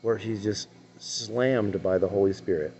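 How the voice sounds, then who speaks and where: A man's voice: on the low side, unhurried, dark tone, slight background noise. A man earnestly retelling and commenting on a testimony clip he has just played. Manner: earnest, retelling the story in his own words. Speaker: online commentator.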